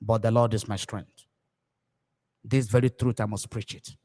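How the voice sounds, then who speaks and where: A man with a Nigerian accent preaching a live broadcast as a pastor, impassioned and repetitive, swinging between shouts and low murmurs. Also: level tone, moderate pace, big-room sound.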